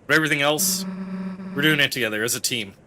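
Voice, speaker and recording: A man's voice: a little high, expressive, fast, background noise, natural voice. A man reading game dialogue for a brash, tough young monster girl who talks bluntly and confrontationally. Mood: gruff, reassuring.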